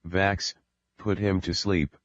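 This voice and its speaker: Man narrating as a patient father figure, calm and firm, deep voice, dry close sound. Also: takes it slowly, no room sound, highs cut off. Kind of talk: audiobook reading.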